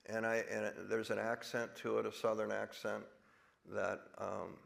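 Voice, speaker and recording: Gravelly low-voiced man in his sixties. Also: flat delivery, normal speed, fairly bright tone. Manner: rambling with restarts, drops into big put-on voices when quoting. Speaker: actor guest. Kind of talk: live stage conversation.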